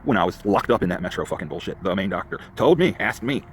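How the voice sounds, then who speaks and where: A man's voice: sits low, animated, fast, hardly any pauses, slight background noise. A man ranting to the camera in a profane, agitated monologue that keeps going off on tangents. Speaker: vlogger. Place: in a vehicle.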